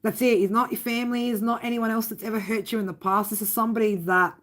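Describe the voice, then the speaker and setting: A woman doing a live tarot reading for viewers. She talks bluntly and warmly, swearing often and tagging lines with "right?". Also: fairly high pitch, steady tone, fast. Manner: blunt, swearing, fond tough-love talk with many "right?" tags. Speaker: tarot reader.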